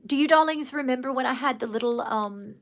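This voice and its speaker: A woman's voice: high-pitched, a little fast. A woman with a light, adopted British RP accent hosting a casual livestream, gushing and affectionate, calling viewers darling and saying little often. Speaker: livestream host and children's book author.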